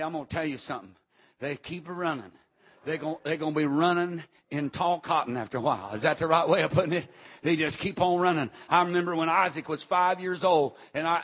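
A middle-aged man preaching a rambling, impassioned revival sermon, often shouting and breaking into amens. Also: a little high.

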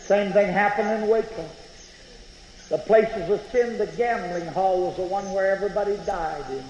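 A revival preacher tells his testimony with swings from loud, urgent outbursts to hushed tones. His fairly high voice rings out under a large tent, with a roomy echo and long reverb. Faint noise hums underneath. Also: normal speed, dull audio. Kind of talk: sermon testimony.

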